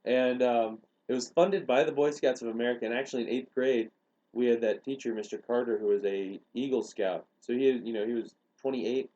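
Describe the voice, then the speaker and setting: A man's voice: medium pitch, brisk, dark tone, dull audio. A young man on a podcast, casually retelling a story and acting out the quoted lines. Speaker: podcast host.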